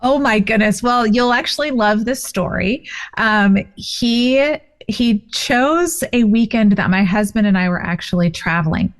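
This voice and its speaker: A woman in her fifties, a guest author and parent, telling a personal story in a casual interview with an animated, expressive delivery. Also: fairly high pitch, a little slow. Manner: animated, expressive retelling with frequent fillers.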